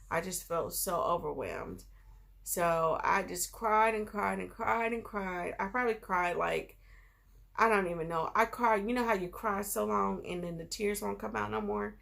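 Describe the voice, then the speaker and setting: A woman's voice: mid-range voice, moderate pace, creaky, a bit bright. A woman vlogger telling a personal story in a casual, chatty way, full of filler phrases.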